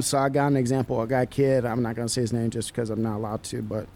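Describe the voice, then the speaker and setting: A young man, a basketball coach, talking casually on a podcast and telling stories in relaxed, slangy speech. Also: mid-range voice, fast, few pauses. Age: young adult.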